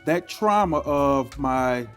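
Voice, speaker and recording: A man speaking as a podcast guest in an earnest, measured and reflective way, often checking in with "right?". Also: mid-range voice, animated, a bit bright, smooth, soft background music. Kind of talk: reflective interview talk.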